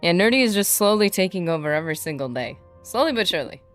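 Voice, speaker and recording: A woman livestreaming a game, chatting excitedly and casually with her viewers. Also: fairly low pitch, fast, soft background music. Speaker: streamer. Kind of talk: casual livestream gaming chat.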